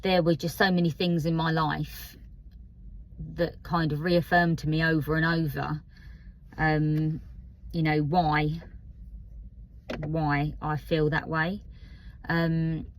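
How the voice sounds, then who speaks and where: A vlogger in her fifties from Essex, England speaks slowly and candidly to the camera in a personal, reflective vlog. Her lowish voice barely moves in pitch, and she hesitates a lot, pausing often and filling gaps with soft fillers. A slight nervousness shows beneath the unhurried delivery, and the recording quality is poor.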